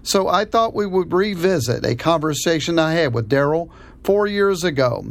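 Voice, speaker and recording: Higher-voiced man hosting a radio show. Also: animated, moderate pace, no room sound. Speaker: sports radio show host. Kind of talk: scripted radio narration.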